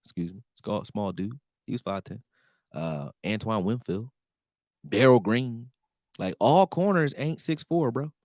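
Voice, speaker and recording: A man talking casually on a sports live stream, profane and animated, answering his chat. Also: fairly low pitch, measured pace, no room sound, clean studio sound.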